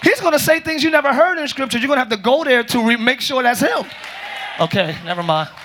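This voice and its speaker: A man with a high, bright voice preaches to a church crowd, often breaking into shouts and jokes. His congregation murmurs faintly behind him, with light background noise in the hall. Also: quick pace. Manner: shouting, joking, calls to the congregation. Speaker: pastor. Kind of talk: lively preaching.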